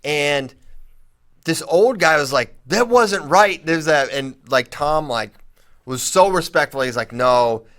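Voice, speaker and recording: A man co-hosts a casual sports podcast. His voice sits a little high, and it climbs sharply when he gets fired up about a point. The delivery stays conversational and lively. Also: a little slow. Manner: animated, rising emphatically when making a point. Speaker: podcast co-host.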